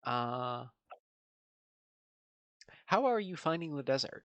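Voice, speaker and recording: Game master, tabletop narration, halting filler-heavy questions, dry close sound. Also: medium pitch, big pitch swings, fairly bright tone, no room sound, muffled recording.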